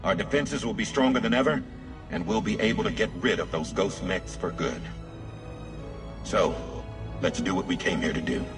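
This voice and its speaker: A calm ship commander. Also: male voice, fairly low pitch, normal speed, vocal fry, pauses often. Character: steady male military ship commander. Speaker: ship commander giving mission orders. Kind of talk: video game cutscene dialogue. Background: game score music.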